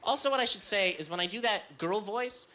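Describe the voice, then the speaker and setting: A man doing a stand-up set on a comedy club stage, loud and high-energy, often breaking into shouts. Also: expressive, a little fast.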